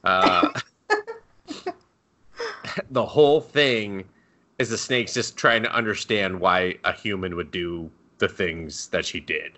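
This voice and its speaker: A man's voice: deep voice, takes it slowly, pauses often. A man co-hosting a podcast in casual chat, recapping a show, laughing, swearing and acting out quoted characters. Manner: animated, playfully acts out quoted characters, swears and laughs often. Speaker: podcast co-host.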